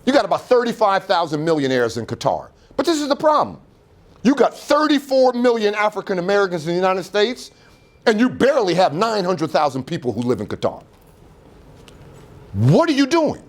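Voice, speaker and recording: Man, motivational speaker, fairly high voice, very lively pitch, rhetorical questions, auditorium talk. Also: fairly quick. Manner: animated preacher-like delivery with rhetorical questions. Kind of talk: motivational speech.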